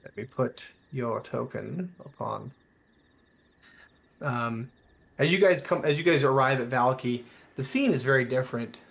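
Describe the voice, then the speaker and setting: A man's voice: medium pitch, measured pace, vocal fry, fairly bright tone. A man narrating a tabletop game as game master, in loose, rambling sentences full of fillers.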